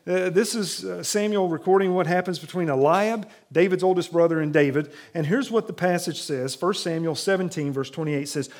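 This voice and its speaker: A pastor delivers a sermon to his congregation in a church, talking to them in a relaxed, conversational way. His voice sits a little higher than most men's, and he often restarts a phrase before finishing it. When he reads scripture aloud he turns more dramatic. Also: brisk, few pauses. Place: church sanctuary.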